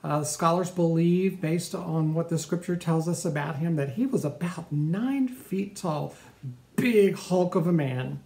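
A man's voice: a little high, measured pace, gravelly, warm tone, echoey room. A male pastor giving a sermon and retelling a story in a casual, conversational way.

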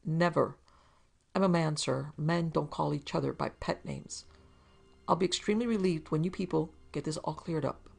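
Fussy, prim male client with a whiny, raised pitch and a gravelly edge, as a woman reader puts him on. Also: moderate pace, darkish tone, faint music behind, exaggerated voice. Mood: wheedling. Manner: prim, fussy wheedling talk, higher pitch. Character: fussy, wheedling middle-aged man client. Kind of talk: storybook reading.

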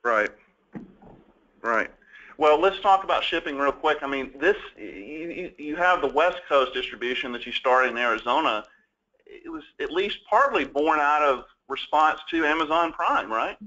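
A man's voice: on the high side, animated, moderate pace, bright, forceful tone, muffled recording. A man hosting a business interview, asking chatty questions and restarting them as he goes. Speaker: interview host.

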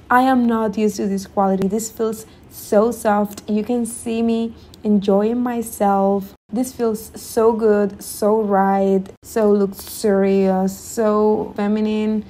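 A woman's voice: mid-range voice, darkish tone. Enthusiastic woman raving about clothes. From Cuba. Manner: enthusiastic, raving about how things feel. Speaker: fashion vlogger. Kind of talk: try-on haul vlog.

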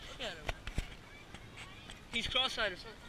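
A man vlogging a family farm outing, teasing the animals playfully and reading signs aloud. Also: sits high. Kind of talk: casual handheld vlog commentary. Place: outdoors at a farm orchard. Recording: loud outdoor noise on a camera mic.

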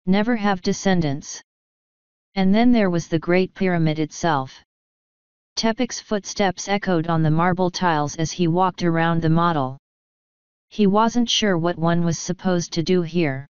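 A woman reading an audiobook in a measured, dry narration. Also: on the low side, clear, resonant tone, no echo, dull audio. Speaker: audiobook reader.

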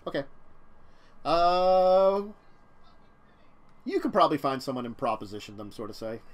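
A man's voice: fairly high pitch, big pitch swings, moderate pace, a crowd in the background. A man running a tabletop game on stream, narrating casually, rambling and laughing often. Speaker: game master.

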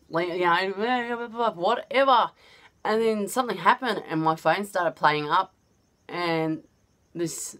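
A woman's voice: fairly low pitch, fairly bright tone. A woman with an Australian accent casually telling a personal story, chatty and often laughing as she goes. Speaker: vlogger.

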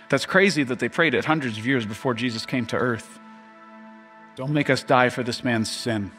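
A man preaching a sermon as pastor, animated and quick to laugh, acting out voices from the story. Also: medium pitch.

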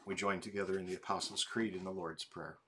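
A man leading morning prayer, reading liturgy and prayers in a measured, steady recitation. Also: sits low, a little hiss or hum. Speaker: prayer leader.

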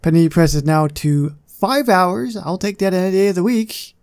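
Man, gaming channel host, casual gameplay commentary, chatty, self-deprecating, slightly high, mellow. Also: normal speed.

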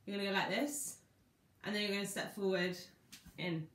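A woman's voice: mid-range voice, fairly even intonation, normal speed, fairly bright tone. A woman dance teacher talking through each move of a combination step by step and half-speaking the song lyrics. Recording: echoey room.

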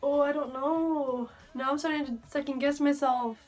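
A woman's voice: high-pitched, fairly even intonation, normal speed, darkish tone, soft background music. A young woman vlogging casually to camera, rambling and giggling nervously as she talks. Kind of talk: casual vlog chat.

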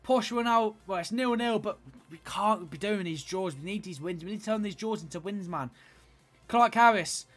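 A young man giving play-by-play commentary on his own football video game, swinging between low grumbling and shouted excitement. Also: normal speed, soft background music. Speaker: gaming YouTuber playing football career mode.

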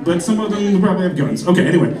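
A man's voice: sits high, animated, racing, a little mellow. A man doing a stand-up set, telling rambling stories with laughs and putting on voices for the people in them. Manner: rambling storytelling with frequent laughs and mimicked voices. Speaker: stand-up comedian. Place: comedy club stage. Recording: echoey club, mic heard from a distance, crowd laughter. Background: audience laughter.

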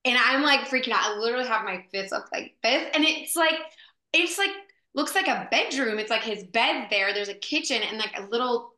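A woman actress, a guest in an interview, telling a story in a casual, animated way with lots of fillers. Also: fairly high pitch, a little fast. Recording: echoey room.

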